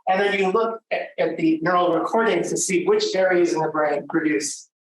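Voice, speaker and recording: A man with a slightly high voice gives a conversational academic lecture, full of fillers and restarts. He is picked up from a distance in a very echoey room, with faint background noise. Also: moderate pace.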